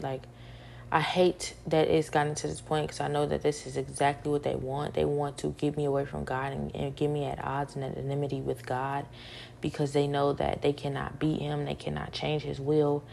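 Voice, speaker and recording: A woman's voice: low voice, monotone, normal speed, creaky, a little mellow, slight background noise. A young woman venting her frustration in a monologue, repeating each point several times.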